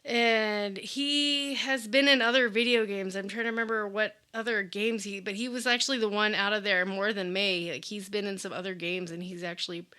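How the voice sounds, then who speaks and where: A woman's voice: mid-range voice, steady tone, moderate pace, hardly any pauses, pushed and bright, clean tone. A young woman co-hosting a casual podcast chat, chatty and full of fillers. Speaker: podcast co-host.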